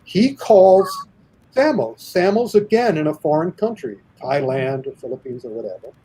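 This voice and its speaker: A man telling an animated anecdote in a casual podcast chat, acting out the voices of the people he quotes. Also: fairly high pitch, moderate pace, slight background noise, low-quality recording. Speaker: guest storyteller.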